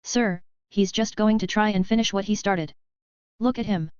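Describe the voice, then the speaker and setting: A woman's voice: medium pitch, normal speed, a little mellow, clean tone, no echo, lo-fi sound, natural voice. A woman voicing a loyal, hot-headed male guard who speaks urgently and disapprovingly.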